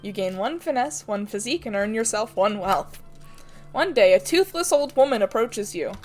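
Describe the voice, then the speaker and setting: A woman's voice: on the high side, animated, normal speed, darkish tone, soft background music. A woman reading game prompts in casual tabletop chat, with a dry delivery.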